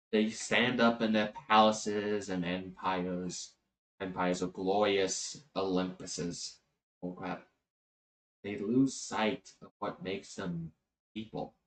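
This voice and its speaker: A man's voice: fairly low pitch, close to an everyday voice, poor audio. A man voicing an easygoing male archangel of winter, friendly and preachy, in a tabletop game. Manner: friendly, then lecturing.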